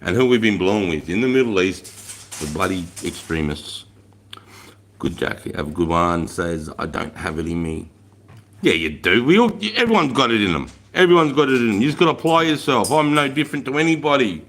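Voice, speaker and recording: A man's voice: on the low side, lively intonation, a little fast, fairly bright tone. Blunt Australian man chatting on a livestream. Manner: blunt and swearing, slangy. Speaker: livestream host. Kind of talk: casual livestream chat.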